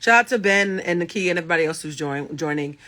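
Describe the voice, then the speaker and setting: A man with a thick, raspy voice, a life coach and tarot reader chatting casually with viewers on a livestream and telling stories with freely dropped swear words. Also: on the high side, quick pace. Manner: animated storyteller, swears freely.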